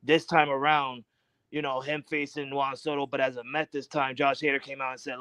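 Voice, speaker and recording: A man co-hosting a casual sports talk show, emphatic and trash-talking, getting loud when he gets excited. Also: medium pitch, a little fast, clean tone, no room sound, low-quality recording.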